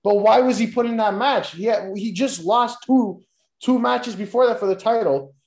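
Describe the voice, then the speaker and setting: A man co-hosting a casual wrestling podcast, ranting with heavy profanity and bursts of mock shouting. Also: high-pitched, moderate pace, roomy sound. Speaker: podcast co-host.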